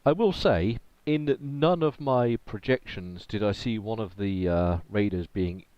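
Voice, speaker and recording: A man acting as game master of a tabletop game, chatting in a relaxed way and laughing often. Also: on the low side, unhurried, no echo, lo-fi sound. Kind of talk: running a tabletop game over voice chat.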